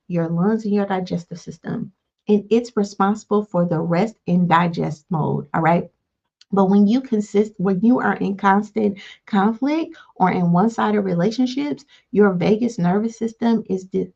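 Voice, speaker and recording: A woman coaching listeners on healing, often pausing with "all right" between points. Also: mid-range voice, gravelly. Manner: repeats "all right" between points, acts out calm replies. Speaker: life coach. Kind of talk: motivational teaching talk. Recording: dull lo-fi sound.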